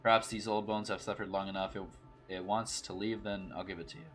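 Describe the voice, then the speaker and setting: Guy reading a grumpy old granny who wants everyone out of her house, low and curt. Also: little pitch movement, fast, a bit bright, soft background music, natural voice. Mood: weary. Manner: curt and defensive, turning weary. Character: suspicious old grandmother, bitter and haunted. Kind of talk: reading game dialogue aloud.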